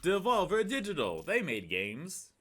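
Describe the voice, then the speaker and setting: A man's voice: huge pitch swings, a little slow, a bit bright. A young man hosting a let's play, chatting in a bubbly, playful way while he plays. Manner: bubbly and playful, swinging in pitch. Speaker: gaming channel host.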